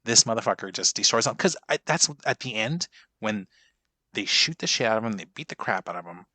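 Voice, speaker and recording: A man's voice: fairly low pitch, expressive, brisk, sharp tone, dry recording. A man in his forties in a casual movie reaction chat, rambling and profane, stopping and restarting his sentences a lot. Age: 40s. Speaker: podcast co-host.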